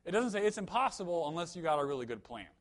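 A young man delivers a sermon in a relaxed, conversational manner, weaving humorous personal stories into scripture. His voice sits a little on the higher side for a man and rises to emphatic peaks when he drives a point home. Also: rapid-fire. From United States. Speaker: preacher.

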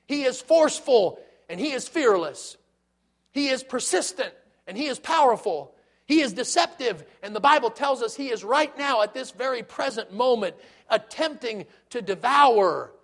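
A man's voice: very high voice, fairly bright tone. A man preaching a sermon as a pastor, earnest, with rhetorical questions and repetition.

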